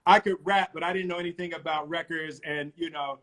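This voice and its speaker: A middle-aged man from Philadelphia, a guest telling animated stories over a casual live video call and laughing often. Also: fairly high pitch, a little fast.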